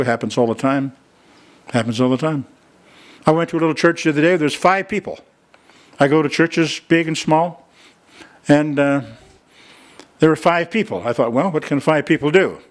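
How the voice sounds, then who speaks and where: Folksy older male preacher. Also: a little high. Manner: folksy storytelling, chatty asides. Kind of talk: sermon with fundraising appeal. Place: church.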